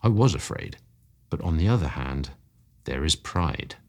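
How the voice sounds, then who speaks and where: A man reading a classic story aloud in a measured, expressive narration. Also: rumbling low. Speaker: story reader. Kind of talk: audiobook narration.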